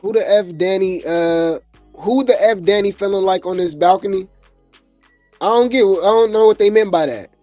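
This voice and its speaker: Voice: medium pitch, normal speed, a little mellow, dry recording, faint music behind. A host rambling casually through reality TV gossip commentary, chuckling often and full of fillers.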